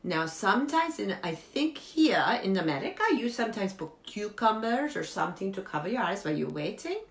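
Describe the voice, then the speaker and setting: A woman playing an eccentric woman who gives absurd beauty tips, talking earnestly and deadpan in broken English. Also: mid-range voice, a little fast. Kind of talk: improvised comedy character monologue. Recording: echoey room.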